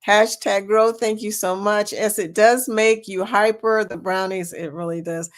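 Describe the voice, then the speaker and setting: A woman's voice: mid-range voice, steady tone, measured pace. A woman hosting a casual live chat, reading comments aloud and laughing often. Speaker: livestream host.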